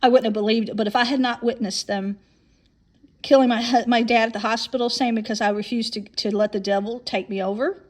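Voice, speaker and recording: A woman's voice: fairly high pitch, steady tone, fairly quick. A woman in her fifties telling a long personal story in a monologue, rambling and often repeating or restarting her words.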